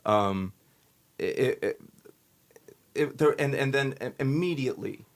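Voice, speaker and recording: A man in the middle of his range tells stories as a podcast guest. He is animated and acts out the dialogue he quotes. His delivery is casual and full of restarts. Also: mid-range voice, unhurried. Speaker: musician guest. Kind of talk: casual interview storytelling.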